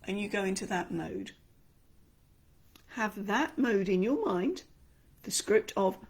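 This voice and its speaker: An Australian speaking coach gives an online lesson in a medium-pitched, slightly rough voice with lively intonation. She takes her time, pausing often, and speaks expressively while acting out the inner voices she describes.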